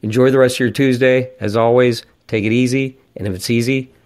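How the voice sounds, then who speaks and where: A man's voice: mid-range voice, steady tone, a little fast, darkish tone. A man in his forties hosting a podcast, ranting and telling stories in a casual, profane monologue. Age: 40s. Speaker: podcast host.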